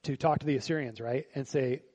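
Pastor guy preaching at church, kinda husky and mellow, chatty, keeps asking the crowd stuff. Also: medium pitch, fairly quick, low-quality recording. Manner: conversational preaching with frequent rhetorical questions to the congregation; shifts between quiet reflective lines and louder animated bursts. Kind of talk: sermon. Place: church service.

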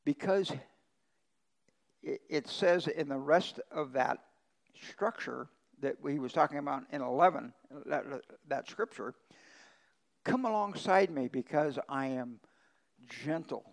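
Gravelly preaching man, folksy and emphatic. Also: slow, long pauses, rough recording. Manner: conversational preaching with folksy ranch stories, emphatic pitch swings. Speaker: pastor. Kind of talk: sermon.

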